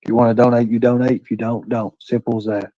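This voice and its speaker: On his livestream, a man delivers a heated, blunt rant, swearing and preaching in folksy phrases such as "ain't" and "by God." His medium-pitched, warm voice stays level and quick, recorded with no room sound and the highs cut off.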